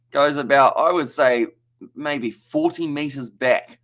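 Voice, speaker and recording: A man's voice: mid-range voice, lively intonation, measured pace, fairly bright tone. A young man with a New Zealand accent giving casual live play-by-play commentary on a football match, chatting and reading out viewer comments between plays. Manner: chatty play-by-play, reads out viewer chat, stumbles on names.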